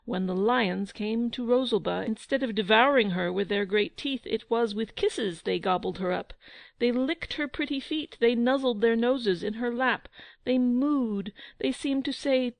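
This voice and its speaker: Woman narrator for a children's audiobook, expressive, gravelly texture, dry close sound. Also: medium pitch, moderate pace, no room sound, low-quality recording. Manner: expressive storytelling. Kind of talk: scripted narration.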